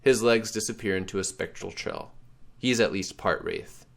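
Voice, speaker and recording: A man's voice: lowish voice, normal speed, gravelly, background noise. A man reading a text adventure game aloud with drama, calling out his choices. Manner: dramatic, shouts choices out loud. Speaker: game streamer.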